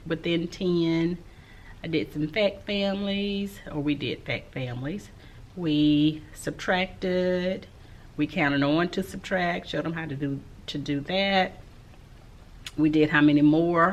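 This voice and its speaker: Slow, gravelly-voiced woman teacher vlogging. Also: fairly low pitch, slight background noise. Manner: slow, soft-spoken and reflective, with frequent "um". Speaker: elementary school teacher. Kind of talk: casual vlog talk to camera.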